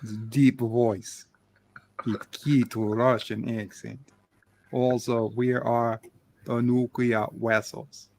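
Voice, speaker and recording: A man doing a deep mock-Russian voice. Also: creaky. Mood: mock-grave. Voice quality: deepened voice. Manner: slow, deadpan goofing.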